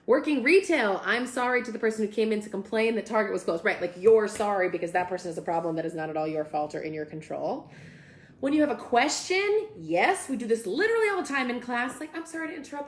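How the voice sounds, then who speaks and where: A woman's voice: on the high side, roomy sound. A young woman hosting a casual live stream, reading viewer comments aloud and reacting with upbeat energy. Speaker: host.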